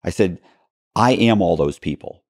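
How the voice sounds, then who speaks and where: Man, low voice, interview guest, storytelling, quoted dialogue, restarts, dry recording. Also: expressive, moderate pace, breathy edge, no echo.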